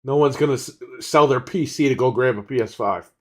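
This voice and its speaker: A man's voice: mid-range voice, brisk. A man co-hosting a casual podcast, ranting with heavy swearing, his throat congested. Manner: ranting, profane. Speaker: podcast co-host.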